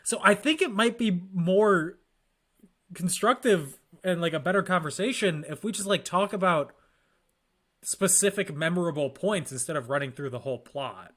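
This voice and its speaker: A man's voice: high voice, normal speed, fairly bright tone. A man co-hosting a podcast in casual chat, joking dryly and restarting his sentences as he thinks. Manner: dry joking, hesitant restarts. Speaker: podcast co-host.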